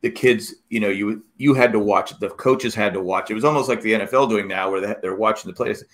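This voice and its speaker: A middle-aged man in casual chat, telling rambling, animated stories with many restarts. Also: lowish voice, quick pace.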